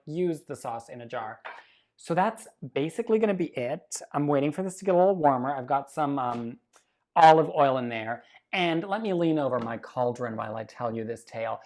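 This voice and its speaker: Woman cooking show host, low voice, brash, sweary, teasing. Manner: brash, swears freely, teasing insults at viewers. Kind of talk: casual cooking demonstration.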